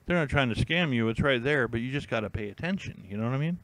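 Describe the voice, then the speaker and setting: A man's voice: medium pitch, expressive, fast, a bit bright, low-quality recording. A man hosting a casual live stream, rambling and thinking aloud with many fillers and restarts while he browses listings. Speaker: YouTube host.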